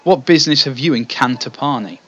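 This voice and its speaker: A man voicing a wild-eyed, gruff male villager with an overdone British accent, commanding and blustering. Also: mid-range voice, lively intonation, quick pace, a bit bright, lo-fi sound. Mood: challenging.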